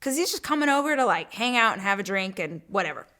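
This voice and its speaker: A woman hosting her own talk show, telling a personal story in a gushing, animated way and acting out her own thoughts. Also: medium pitch, quick pace. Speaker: podcast host. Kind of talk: casual storytelling chat.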